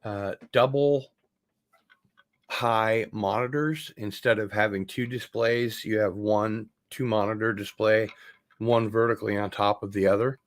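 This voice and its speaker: Brief: male vlogger, low voice, slow easygoing unboxing chat, rambling asides. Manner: relaxed, rambling, offhand asides.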